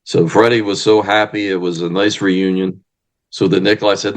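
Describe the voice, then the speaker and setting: Speaking at a moderate pace in a fairly low voice, a wrestling manager and historian shares stories in a relaxed interview. He performs the people he quotes, bringing their voices to life loudly and with animation.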